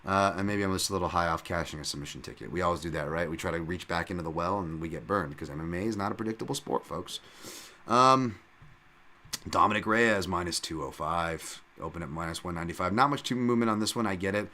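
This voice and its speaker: A man with a fairly low voice hosts a podcast and talks through fight bets in a loose, off-the-cuff way. He rambles, restarts his sentences, leans on fillers and swears casually. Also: quick pace, sharp tone. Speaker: podcast host. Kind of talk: casual fight-betting breakdown.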